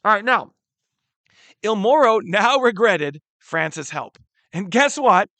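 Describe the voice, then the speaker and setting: High voice guy teaching history class, super casual and slangy, keeps saying guys, bright voice. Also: slow pace, no room sound. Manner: animated, slangy, addresses students as guys.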